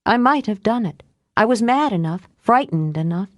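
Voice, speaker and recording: A woman voicing a tough, blunt young witch with a quick temper. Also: medium pitch, lively intonation, dry recording, studio quality, natural voice. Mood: relieved.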